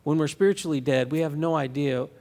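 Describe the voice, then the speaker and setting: Gravelly-voiced pastor preaching in a reverberant hall. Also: male voice, a little high, quick pace, a little mellow. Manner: conversational preaching with frequent restarts and fillers. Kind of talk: sermon. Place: church sanctuary.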